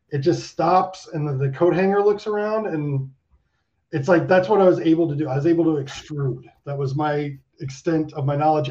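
A man around fifty, a guest in a casual interview, telling stories in an animated way, swearing and laughing, with lots of "like". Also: on the high side. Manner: animated, swearing storyteller full of likes and laughs. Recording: dull lo-fi sound.

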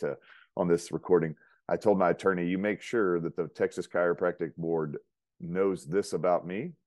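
Casting: deep-voiced American man, emphatic podcast guest, dry close mic. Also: a little mellow, dry recording. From United States. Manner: emphatic, with frequent fillers and quoted dialogue. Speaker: interview guest, chiropractor. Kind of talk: casual storytelling in a podcast interview.

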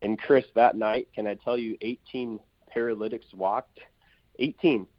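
A man's voice: fairly low pitch, steady tone, no room sound. Emphatic evangelist man, dry lo-fi sound. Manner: emphatic, rapid-fire storytelling with fillers. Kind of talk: testimony in a talk-show interview.

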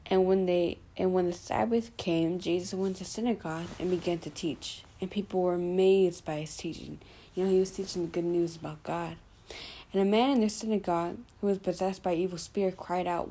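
A woman with a slightly low, mellow voice walks through a Bible passage in a relaxed, informal way. She talks loosely and stops to correct herself. She fills pauses as she thinks aloud. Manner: loose and conversational, with fillers and self-corrections. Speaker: Bible study presenter. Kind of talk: casual retelling of scripture.

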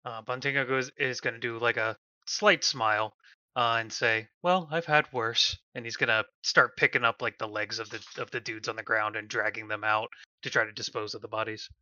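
Calm male player, very bright tone, dull dry recording. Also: on the low side, fairly quick, no echo. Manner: calm, polite in character. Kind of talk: playing a tabletop game in character.

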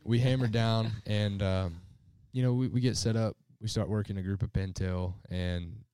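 A man's voice: fairly low pitch, fairly even intonation, moderate pace, mellow, smooth, dry recording, clean studio sound. A man hosting a casual hunting podcast at a lodge, telling stories with lots of swearing and acted-out voices. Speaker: podcast host. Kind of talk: casual chat, storytelling. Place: hunting lodge, drinking beers.

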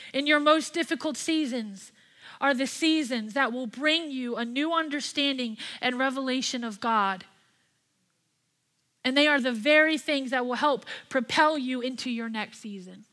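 Young woman preacher, high bright voice, candid and impassioned testimony. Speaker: pastor and worship leader. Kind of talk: sermon.

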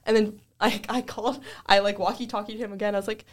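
A woman's voice: mid-range voice, fast. A young woman casually telling a work story among friends, with lots of "like" fillers. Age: young adult. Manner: animated storytelling, heavy "like" fillers. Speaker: panelist recalling first jobs. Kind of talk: casual chat.

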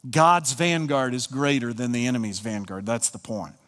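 A man from Colorado preaching a sermon as pastor, emphatic and swinging from hushed lines to soaring ones. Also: mid-range voice, normal speed, long reverb tail.

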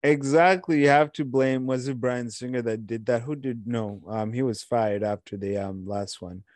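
A man's voice: medium pitch, normal speed, darkish tone, dry recording. A man from Watertown co-hosting a podcast, talking casually and rambling, with lots of fillers and restarts. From Watertown, Massachusetts. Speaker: podcast co-host. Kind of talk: casual chat.

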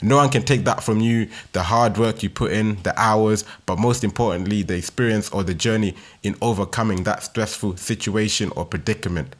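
A young London man with a fairly low voice hosts his own podcast. He speaks in a laid-back, slang-heavy way, tagging almost every sentence with "innit" as he chats directly to listeners. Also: normal speed, hardly any pauses. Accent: London, Multicultural London English. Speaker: podcast host. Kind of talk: casual solo podcast monologue.

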